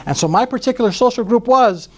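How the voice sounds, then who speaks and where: A man from Brazil, an immigration lawyer, explaining cases in a podcast interview with animated delivery. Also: extremely high pitch, quick pace. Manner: animated, acts out quotes in other voices.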